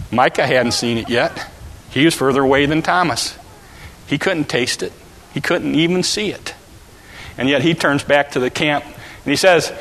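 A man preaching a sermon, telling a story with volunteers and shouting out the characters' calls. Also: a little high, measured pace, pauses often. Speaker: pastor. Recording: long hall reverb.

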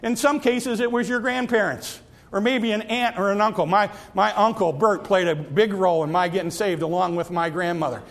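High-pitched guy preaching, drags out words, repeats himself, gets real quiet then loud. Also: fairly even intonation. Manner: drawn-out emphatic phrases, dropping to near whispers; repeats phrases and stumbles on restarts. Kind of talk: sermon.

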